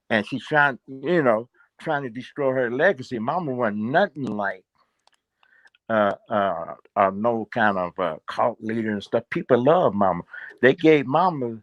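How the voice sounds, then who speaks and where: A man's voice: medium pitch, expressive, measured pace, dry recording. An older man, a guest in a casual interview, rambling and repeating words with plenty of fillers.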